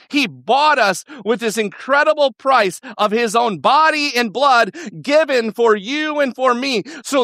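A man preaching, his voice sitting a little high for a man and lifting further when he presses a point. He trips over and repeats words as he goes. The sound is dry and close. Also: bright, forceful tone, no echo. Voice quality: repeats and restarts words, rising pitch on emphatic lines. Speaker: pastor. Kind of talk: sermon.

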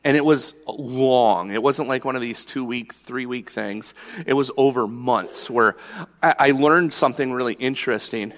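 A man's voice: mid-range voice, normal speed, fairly bright tone, big-room sound. A male pastor preaching a sermon, telling a personal story in a conversational storytelling way.

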